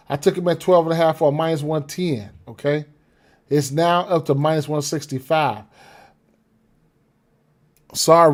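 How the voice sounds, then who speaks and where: A man with a slightly higher-pitched voice breaks down his betting picks in loose, casual talk. He rambles, repeats himself and keeps checking in with "right?" and "you know what I'm saying?". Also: a little mellow. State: has the hiccups. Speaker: sports betting podcaster.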